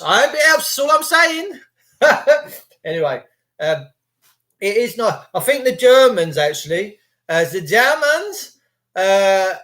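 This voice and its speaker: Brief: English male streamer, jokey and crude, slightly higher voice. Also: a bit bright. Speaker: livestream host reading chat. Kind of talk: rambling casual monologue.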